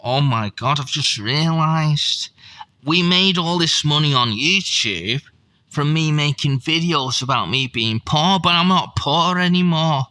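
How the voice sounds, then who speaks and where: A man doing a mocking, raised-pitch impression of an excitable, sweary middle-aged YouTuber. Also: a little slow, no echo. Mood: panicked.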